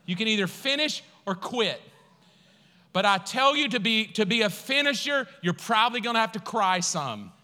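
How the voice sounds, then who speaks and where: Pastor guy preaching, bright forceful voice, tells stories and acts out quotes, reverb-y hall. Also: sits high, moderate pace. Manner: animated storytelling, acting out quotes, laughing, then quiet and earnest. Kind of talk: sermon.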